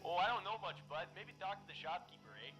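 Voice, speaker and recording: A man's voice: sits high, fast, a bit bright, soft background music. An actor playing a friendly small-town man in a video game, who ends his lines with "eh" and "bud". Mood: folksy. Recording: faint game audio from a distance.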